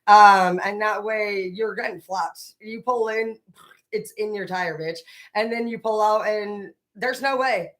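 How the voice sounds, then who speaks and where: A woman doing a casual tarot reading vlog, rambling into profane, excitable stories about pranks with her brother. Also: mid-range voice, moderate pace, roomy sound, distant mic, rough recording. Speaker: tarot reader.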